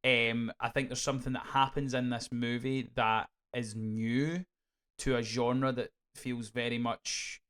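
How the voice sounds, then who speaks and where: A Scottish man co-hosting a casual film podcast. He talks in animated bursts, swears freely and often restarts his sentences. His voice sits at an everyday middle pitch. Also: measured pace, smooth. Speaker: podcast co-host. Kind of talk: casual film review chat.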